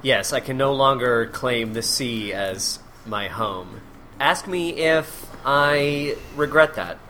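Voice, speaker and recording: A man chatting as a podcast guest, telling animated stories with deadpan asides. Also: medium pitch, slow, slight background noise. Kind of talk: casual chat.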